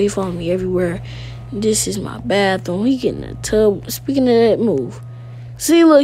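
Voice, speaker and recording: A woman's voice: mid-range voice, warm tone, slight background noise. A woman talking casually to viewers while playing a life-sim game, rambling in slang. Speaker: gaming vlogger. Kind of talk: casual game commentary with role-play.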